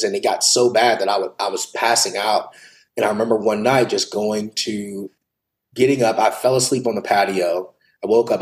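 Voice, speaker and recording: A man, a podcast guest, telling a heartfelt personal story in an earnest, confessional way, sometimes dropping to a hush. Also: on the low side. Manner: earnest, heartfelt, confessional, with quiet hushed passages.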